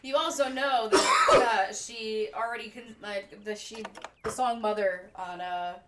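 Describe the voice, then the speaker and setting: A woman's voice: fairly high pitch, steady tone, a little slow, heavy background noise. A woman chatting casually on a game stream, telling stories about family. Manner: chatty, storytelling. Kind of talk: casual let's-play chat.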